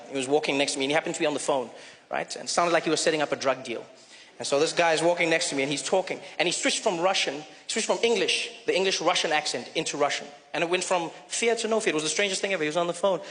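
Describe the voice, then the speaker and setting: High-voiced stand-up comic in a theater. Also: male voice, racing. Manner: animated, storytelling, pitch jumps for emphasis. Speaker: stand-up comedian. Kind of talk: stand-up comedy routine. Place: theater stage, live audience. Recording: reverberant live theater with audience noise.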